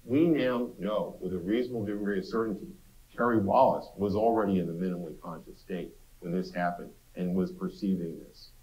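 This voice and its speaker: A man with a low, darkish voice talks fairly quickly during a conversational university lecture in an echoey hall. He speaks directly to his students and throws in quips.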